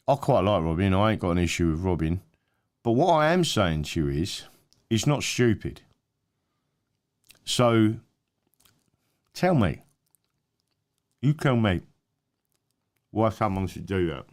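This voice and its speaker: A man's voice: lowish voice, big pitch swings, normal speed, long pauses. A man hosting his own channel, giving rambling, emphatic political commentary with many fillers and restarts. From England. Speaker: channel host.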